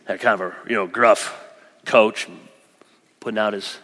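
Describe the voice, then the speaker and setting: A man preaching a sermon, earnest, moving between loud emphasis and soft, close asides. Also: fairly low pitch, fairly even intonation, measured pace, long reverb tail. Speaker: pastor.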